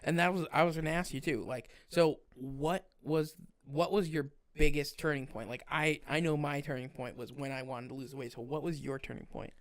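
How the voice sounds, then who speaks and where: A man's voice: fairly high pitch, fairly even intonation, moderate pace, hardly any pauses. A young man co-hosting a casual podcast, talking bluntly, swearing freely and using many fillers. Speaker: podcast co-host, firefighter.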